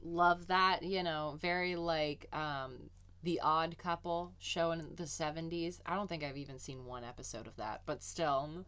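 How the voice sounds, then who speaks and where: A woman's voice: deep voice, a little slow, fairly bright tone, smooth. A woman co-hosting a podcast, chatting casually with playful, jokey asides. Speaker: podcast co-host. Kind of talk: casual chat.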